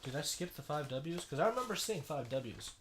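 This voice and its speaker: Young male vlogger, stuffy runny nose, loose halting delivery with many fillers. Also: on the high side, very animated, fairly bright tone, a little hiss or hum. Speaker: video blogger. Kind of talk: casual commentary reading a sibling's schoolwork.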